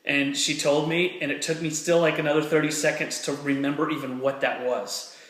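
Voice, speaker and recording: A man's voice: fairly high pitch, level tone, a little fast, fairly bright tone, echoey room. An earnest man giving a motivational talk to camera, telling a personal story and repeating phrases for emphasis. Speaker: motivational speaker.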